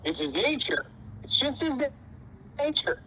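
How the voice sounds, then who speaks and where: High-voiced coach telling a story to his team. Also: very animated, normal speed, sharp tone, poor audio. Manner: folksy, uses dude and man, voices characters casually. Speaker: wrestling coach. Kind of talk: motivational storytelling talk.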